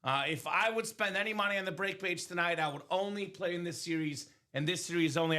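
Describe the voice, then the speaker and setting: Bright-voiced, high, hyped-up host. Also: male voice. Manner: energetic, hyping items with quick asides. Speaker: host of a live sports card and memorabilia break stream. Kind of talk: upbeat live-stream sales banter. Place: stream studio break room.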